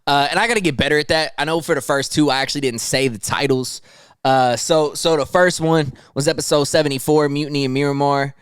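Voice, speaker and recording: A man's voice: a little high, steady tone, fairly quick, smooth, no echo, clean studio sound. A young man hosting a podcast, ranting about the news in heated, slangy, profane casual talk. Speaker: podcast host. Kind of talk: casual news commentary rant.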